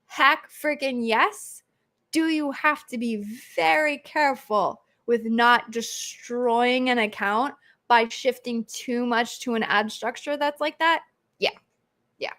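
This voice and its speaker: A woman hosting a live stream Q&A, talking in an animated, ranting way and acting out quoted reactions. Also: a little high, takes it slowly. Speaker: host. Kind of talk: live stream Q&A, energetic rant. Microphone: own mic on live stream.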